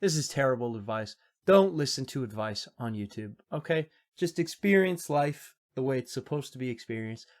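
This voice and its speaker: A man's voice: mid-range voice, lively intonation, moderate pace, few pauses. A young man doing reaction commentary, sarcastic and incredulous, laughing often between remarks. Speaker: YouTube commentator.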